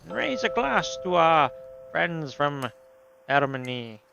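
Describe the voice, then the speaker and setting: A man's voice: on the high side, sing-song, a little fast, lo-fi sound, background noise. A man voicing a pompous middle-aged collaborator hosting a dinner, speaking in a stately manner with a put-on accent. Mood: ceremonious.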